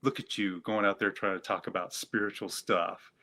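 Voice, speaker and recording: A man voicing his own mean inner voice, a hurt monster-like figure, accusing and then wounded, in a fairly low voice. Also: fairly even intonation, normal speed, sharp tone. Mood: resentful.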